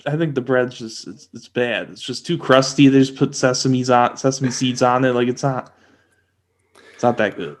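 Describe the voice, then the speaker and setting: A man's voice: medium pitch, moderate pace. Laid-back young man co-hosting a podcast. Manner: laid-back, mild and hesitant, with frequent restarts. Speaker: podcast co-host. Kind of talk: casual chat.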